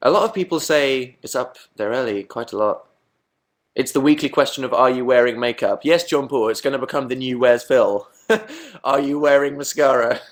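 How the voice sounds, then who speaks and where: A man's voice: mid-range voice, very animated, moderate pace. A young Englishman with an English accent, chatting casually to viewers on a webcam livestream, self-mocking and rambling. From England. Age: young adult. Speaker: host.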